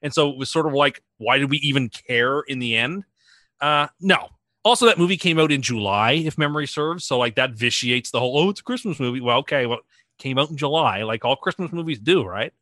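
A man's voice: medium pitch, fairly quick, sharp tone, no echo, studio quality. A man hosting a podcast in casual chat, opinionated and contrarian, rambling through his points. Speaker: podcast host.

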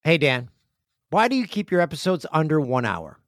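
Podcast host, male, chatty and joking, lively higher voice. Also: moderate pace, no room sound, studio quality. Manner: chatty, jokey, acts out friends in loud high voices. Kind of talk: casual solo podcast chat. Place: home studio with stairs nearby.

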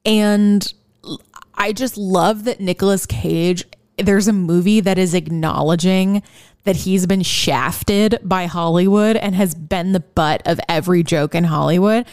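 A woman co-hosting a podcast in casual chat, quick to laugh and joke along. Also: fairly low pitch, a little mellow, no echo, studio quality. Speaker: podcast co-host.

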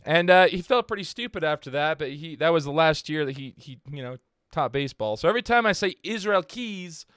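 A man's voice: on the high side, lively intonation, fairly quick, a bit bright, no echo, clean studio sound. A man hosting a podcast, telling a story in casual chat with lots of fillers and restarts. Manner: rambling, filler-heavy, laughs at own jokes. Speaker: podcast host.

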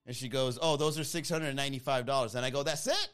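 A man's voice: mid-range voice, quick pace, noisy background. A man hosting a podcast, telling a comic story and acting out the people in it. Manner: animated, mimics people in his story. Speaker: podcast host.

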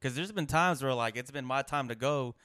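A man's voice: medium pitch, brisk, a bit bright, clear, resonant tone, no echo, studio quality. A young man co-hosting a podcast, chatting casually and rambling, swearing freely. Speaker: podcast co-host. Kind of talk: casual chat.

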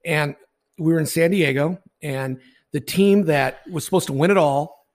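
A man's voice: on the high side, normal speed. A man, a baseball umpire and podcast co-host, telling a story in blunt, profane, laughing casual chat.

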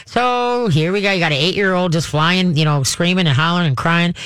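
A woman telling a personal story to her viewers in a rambling, halting way, full of restarts and folksy sayings. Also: on the low side, a bit bright, clear, resonant tone.

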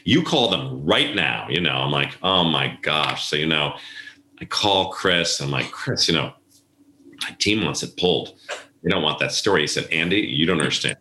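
A man's voice: extremely low pitch, moderate pace, pushed and bright, a little hiss or hum. A middle-aged man, an event planner, telling stories in a casual interview and acting out the voices of people he quotes. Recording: echoey room.

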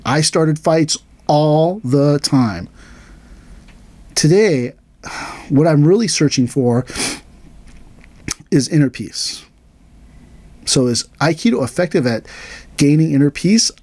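Relaxed man telling a story on a podcast. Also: medium pitch, dry recording. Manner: animated, acts out quoted dialogue in a raised voice. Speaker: podcast host, aikido teacher. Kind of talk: casual storytelling chat.

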